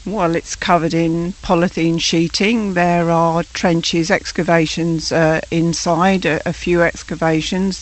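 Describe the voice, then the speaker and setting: An older retired woman being interviewed, speaking in a weary, halting way. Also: lowish voice. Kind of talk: describing her home.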